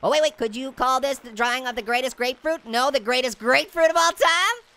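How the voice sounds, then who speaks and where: With slight background noise, the performer gives the male talking orange a high, quick, pushed and bright voice. Hyper and cheeky, the character giggles, makes puns and talks nonstop during a playful cartoon let's-play.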